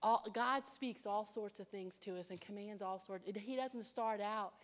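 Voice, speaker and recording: A woman preaching a sermon, telling her own story with animated delivery and acting out other people's voices. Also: mid-range voice, unhurried. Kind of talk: sermon with personal testimony. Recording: long reverb of a large hall.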